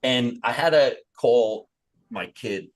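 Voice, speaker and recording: A man's voice: mid-range voice, slow. A man co-hosting a podcast, chatting casually with lots of swearing and mock voices. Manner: animated, heavy swearing, slips into mock voices. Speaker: podcast co-host.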